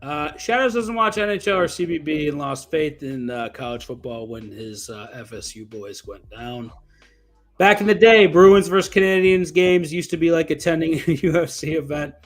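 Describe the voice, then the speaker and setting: A man's voice: on the high side, lively intonation, moderate pace, faint music behind. Profane man reading chat aloud. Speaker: podcast host. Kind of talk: casual sports chat.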